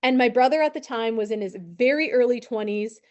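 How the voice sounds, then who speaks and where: A woman in her thirties who trains insurance agents, telling a lively story with acted-out quotes. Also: a little high, fairly quick, lo-fi sound. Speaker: insurance and financial advisor training new agents. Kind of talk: storytelling talk to a team.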